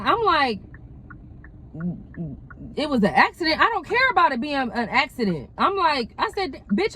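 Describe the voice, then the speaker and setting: Animated, foul-mouthed young woman vlogger. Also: mid-range voice, a little hiss or hum, poor audio. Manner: animated, profane, laughs often. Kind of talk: storytime vlog.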